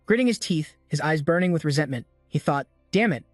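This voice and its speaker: A man reading a scripted story recap in a steady, even narrating manner. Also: on the high side, brisk, no echo, studio quality, faint music behind.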